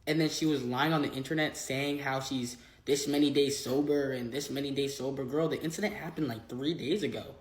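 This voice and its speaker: Man vlogger, casual storytelling, acts out quotes, lots of "like", echoey room, mid-pitched voice. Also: steady tone. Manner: rapid retelling full of quoted dialogue and filler "like".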